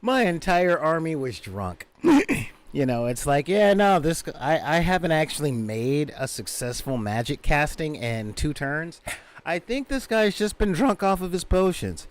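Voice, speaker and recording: A man hosting a tabletop gaming channel, telling animated stories in casual chat and slipping into quick character voices. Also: fairly high pitch.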